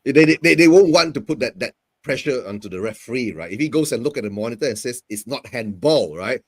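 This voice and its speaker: A man in a casual football chat, jokey and animated, spinning theories. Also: mid-range voice, fast, dry recording.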